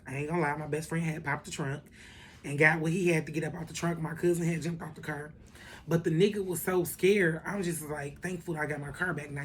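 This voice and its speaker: A woman telling a story in a casual vlog, animated and profane, with lots of asides to the viewers. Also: sits low, slight background noise. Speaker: vlogger.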